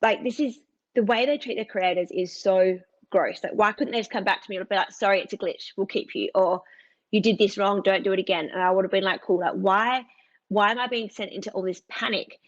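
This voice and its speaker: A woman's voice: mid-range voice, brisk, muffled recording. A woman guest on a podcast interview, telling her story earnestly and emphatically, with lots of fillers and quoted back-and-forth. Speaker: podcast guest, content creator.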